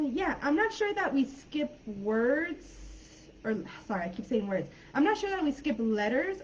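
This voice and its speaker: A woman's voice: on the high side, a little mellow, dull audio, a little hiss or hum. An American woman teaching an online English class who thinks aloud and hedges as she explains. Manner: thinking aloud, tentative and hesitant.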